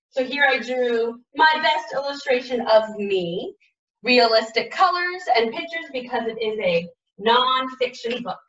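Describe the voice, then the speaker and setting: A woman teaching a writing lesson to young children, modeling aloud and sounding out letters slowly and with exaggeration. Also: fairly high pitch, a bit bright, reverberant, far from the mic, highs cut off.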